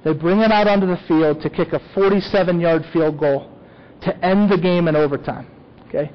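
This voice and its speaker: A man's voice: a little high, a little fast, highs cut off. A man preaching a sermon as a pastor, talking conversationally and often checking in with "okay?".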